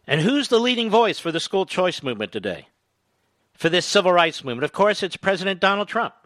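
A man's voice: high-pitched, big pitch swings, a little fast, a bit bright, no echo. A man hosting a political talk radio show, emphatic and indignant, hammering points home by repeating them.

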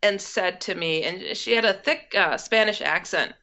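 A woman's voice: medium pitch, moderate pace, pushed and bright. A woman from the United States, a guest, telling a story in a casual way, acting out quoted dialogue and laughing as she goes. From United States, Milwaukee. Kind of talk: casual first-person storytelling. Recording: dull lo-fi audio.

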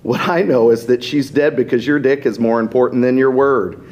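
A man's voice: medium pitch, moderate pace, darkish tone, lightly acted. A man reading aloud and voicing a vengeful male assassin leader who speaks in a bitter, accusing way.

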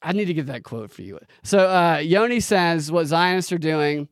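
A man's voice: fairly high pitch, expressive, moderate pace, dry recording, studio quality. Heated, profane man ranting on a podcast. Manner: profane, heated, rambling with restarts and laughs. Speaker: podcast host. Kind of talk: live-streamed political commentary rant.

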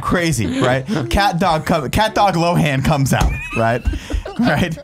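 A man's voice: fairly high pitch, sing-song, takes it slowly, music in the background. A man improvising a rambling comic story at a panel table, laughing through his jokes. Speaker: podcast panelist.

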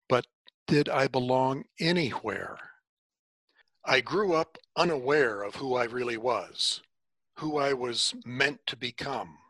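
A man telling a story in the first person, unhurried, with dramatic pauses. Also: medium pitch, bright, forceful tone, no echo.

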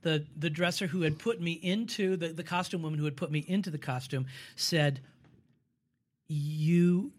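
A man in his sixties, a stage actor, telling animated stories in a casual interview and acting out the voices of people he quotes. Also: a little high, moderate pace. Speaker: guest actor.

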